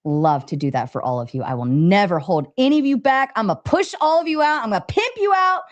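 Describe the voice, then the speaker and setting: Excitable swearing woman livestreamer. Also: brisk, muffled recording. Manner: excited, swears freely, pitch jumps when reading chat. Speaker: livestream host. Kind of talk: casual livestream talk, reading chat aloud.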